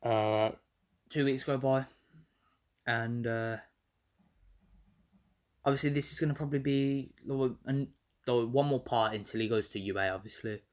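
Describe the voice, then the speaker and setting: A man's voice: mid-range voice, unhurried, pauses often, a little mellow. A young man retelling a fan story in a rambling, self-correcting way, swearing freely as he goes. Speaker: vlogger.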